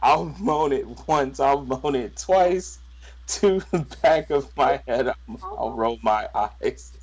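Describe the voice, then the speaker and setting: A man co-hosting a podcast, reading a parody song aloud in a halting, giggly, self-conscious way. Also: medium pitch, darkish tone, low-quality recording. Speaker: podcast co-host.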